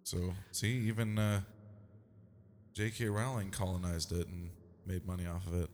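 A man's voice: low-pitched, little pitch movement, normal speed, a little mellow, slight background noise. A man co-hosting a paranormal podcast, casual and joking, with playful asides. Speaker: podcast co-host. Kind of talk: casual chat.

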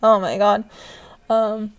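A young woman hosts her own podcast, chatting solo into a podcast microphone with lots of fillers, frequent laughter and casual swearing. Her mid-range voice is steady and slow, and the sound is lo-fi.

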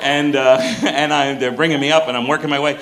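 A middle-aged male stand-up comedian telling a story on stage, animated and profane. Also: mid-range voice, brisk, background noise.

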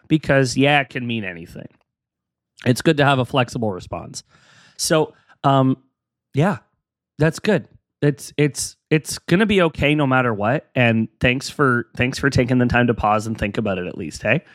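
A man's voice: medium pitch, animated, unhurried, fairly bright tone, dry recording, studio quality. A young adult man hosting a casual solo podcast, rambling and self-deprecating while he encourages his listeners. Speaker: podcast host.

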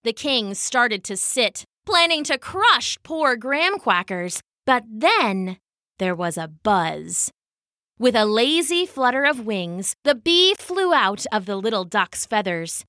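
A woman host reads a children's story aloud with lively, expressive storytelling. Her voice is slightly high and bright, and her pace is unhurried. The recording is dry and close to the mic. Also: no echo. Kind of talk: scripted children's story narration.

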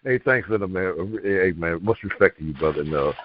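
A man's voice: low-pitched, a little fast, narrow, tinny audio, slight background noise. A man co-hosting a poetry show, delivering a comic spoken-word poem in a rhythmic, rhyming way and then chatting casually. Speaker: co-host and poet.

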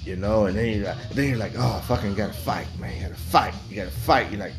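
A man's voice: lowish voice, fast, few pauses, faint music behind. A man in his forties talking candidly in a rambling monologue, blunt and heavily profane. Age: 40s.

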